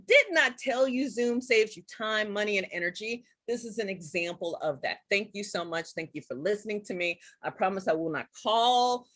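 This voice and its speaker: A chatty woman hosts a live-stream tutorial and talks straight to her viewers. Her voice sits at an ordinary middle pitch. The sound is dry and close, with little room in it. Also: moderate pace, hardly any pauses, dry recording. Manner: chatty and excitable, addresses viewers as guys and y'all. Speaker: live-stream host teaching Zoom tips.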